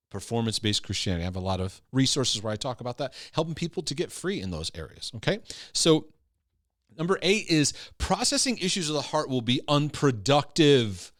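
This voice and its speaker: A man's voice: medium pitch, fairly bright tone, dry recording, studio quality. A man, a Christian teacher and former pastor, teaching to camera with emphasis, repeating key phrases and checking in with "right?" and "okay?".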